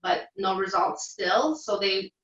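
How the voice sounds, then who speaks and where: A woman describes her work in a casual interview, loose and relaxed, with frequent ums and uhs. Her voice sits at a middle pitch. The recording sounds roomy and a little dull. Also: takes it slowly. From Portugal. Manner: relaxed, many fillers. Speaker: reflexologist guest.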